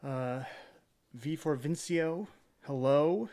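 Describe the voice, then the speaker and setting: A man's voice: a little high, slow pace, warm tone. A man streaming live in a casual chat, greeting viewers by name, rambling with hesitant fillers and self-deprecating jokes.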